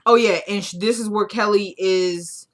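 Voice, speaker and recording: A woman's voice: mid-range voice, steady tone, normal speed. Chatty young woman recapping a show. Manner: chatty, retells scenes by quoting characters. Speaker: TV episode recap vlogger. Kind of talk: casual recap chat.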